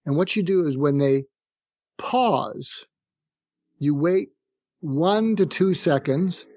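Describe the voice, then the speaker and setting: Calm explanatory man, slightly higher voice. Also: no room sound, muffled recording. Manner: calm, explanatory, acts out sample phrases slowly. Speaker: psychiatrist guest. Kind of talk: conversational podcast interview. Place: room with street noise outside.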